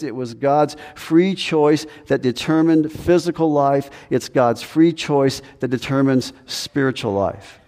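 A man preaching a sermon as pastor, earnest and full of rhetorical questions, his voice rising high when he plays a reluctant believer. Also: a little mellow. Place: church sanctuary. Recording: long hall reverb.

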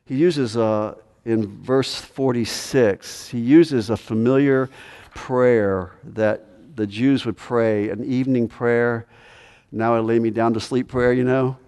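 A man preaching a sermon as pastor, emphatic, swinging from hushed to loud. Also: medium pitch, fairly even intonation, takes it slowly, clear, resonant tone. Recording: long reverb of a large hall.

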